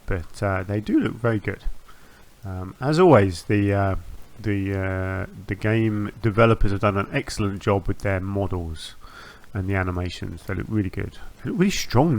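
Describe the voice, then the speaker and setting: This is relaxed gameplay commentary from a fairly low-voiced man hosting his own gaming channel, easily narrating his build mid-play. He rambles, jumping between thoughts, fumbling wording and restarting, with plenty of ums and uhs filling the silences.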